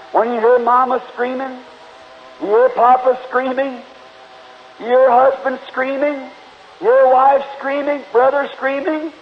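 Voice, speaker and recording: A man preaching an altar call and closing in prayer, pleading fervently with the congregation at a church meeting. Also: very high voice. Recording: dull lo-fi 1950s tape, faint hiss.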